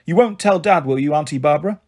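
A man's voice: fairly high pitch, quick pace, a little mellow, natural voice. A man voicing a shy, earnest young girl in a lifted voice. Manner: earnest, hesitant.

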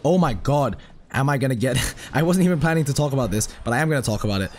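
Hoarse young man, excitable gameplay commentary. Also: mid-range voice, fast, slight background noise. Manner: excitable, self-mocking, swears often. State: hoarse, recovering from a lost voice. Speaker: mobile game streamer.

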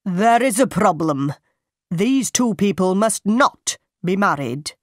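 Male lawyer, firm and deliberate, very slow; woman reader. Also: mid-range voice, expressive, no room sound, studio quality.

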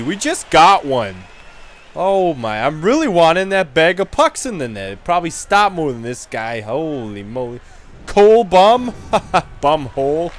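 Brief: man playing a rowdy, dim hockey goon who trash-talks, lively swooping voice, slow drawl. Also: high voice, a little hiss or hum. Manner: rowdy trash talk, frequent laughs. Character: brash dim-witted young male hockey goon. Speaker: gaming video creator. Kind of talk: in-character gameplay commentary.

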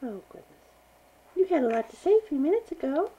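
A mother films her baby at home with a handheld home video camera, cooing and teasing him in a sing-song baby voice. Her voice sits high and sounds warm and very animated, fairly quick, though the recording is muffled.

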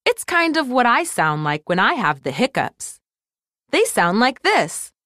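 A cheerful little girl who fixes toys, as a woman reads her, calm and sure of herself. Her speech is slow and kindly, with a lively lilt and a dry, close sound. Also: fairly high pitch, dry recording, pitched above the performer's own voice. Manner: gentle, confident and reassuring. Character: cheerful young girl, a toy doctor.

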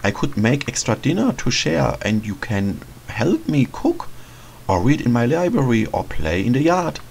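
A man voicing a lonely, motherly female witch in a game, speaking softly and hesitantly. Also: mid-range voice, sing-song, normal speed, creaky, slight background noise, low-quality recording. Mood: tender. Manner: soft, motherly, hesitant, sighing. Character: lonely, gentle female forest witch, middle-aged. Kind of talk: reading game dialogue aloud in a let's play.

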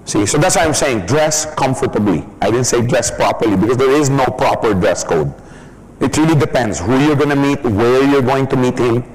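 A man's voice: medium pitch, normal speed, darkish tone, low-quality recording. A man giving a casual training talk who jokes and laughs often. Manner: casual, joking, laughs often, many "you know". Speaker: business trainer.

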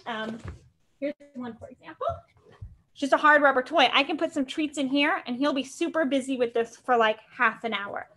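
This is a young adult woman teaching dog training in a live online class. Her voice sits high, and she explains each step in a chatty, upbeat way. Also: normal speed, sharp tone.

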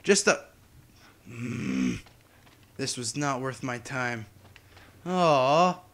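A man's voice: medium pitch, sing-song, takes it slowly, vocal fry, fairly bright tone. A young man giving casual, chatty gameplay commentary as a YouTuber, humming and drifting off topic. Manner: chatty, distracted, hums to himself. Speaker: gaming YouTuber.

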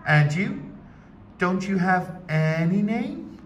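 A man's voice: high-pitched, very animated, slow, dull audio, slight background noise, voice pushed up, full character voice. Man doing a curious young boy. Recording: echoey room.

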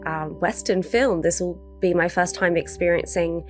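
A woman's voice: lowish voice, normal speed, faint music behind. A woman hosting a movie reaction video, chatty and enthusiastic with casual fillers.

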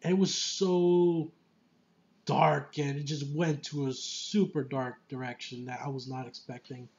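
A man giving a casual spoken film review, excitable and emotional, filling his talk with "like" and "you know.". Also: medium pitch, measured pace, vocal fry. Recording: dull lo-fi recording.

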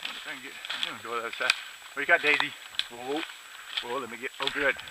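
A man out hunting with his dogs, shouting short commands to them and talking quietly to his camera. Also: steady tone, very fast, very noisy. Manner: shouts dog commands, then talks low and quietly to the camera. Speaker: hunter filming his dogs. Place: outdoors in snowy rural fields.

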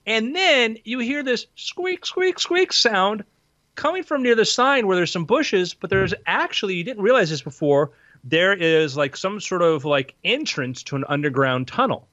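A man narrating a tabletop game as game master, in a playful, lively way. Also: high-pitched, moderate pace, dry recording. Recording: dull lo-fi sound.

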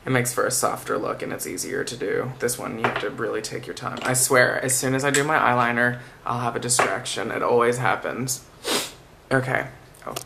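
A man giving a makeup tutorial in a soft-spoken, chatty and playful way. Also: mid-range voice, vocal fry, noisy background. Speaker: makeup vlogger.

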